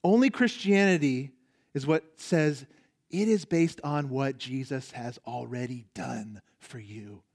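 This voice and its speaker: A man's voice: mid-range voice, unhurried, darkish tone. A man preaching a sermon as a pastor, emphatic, repeating key phrases and asking the congregation rhetorical questions.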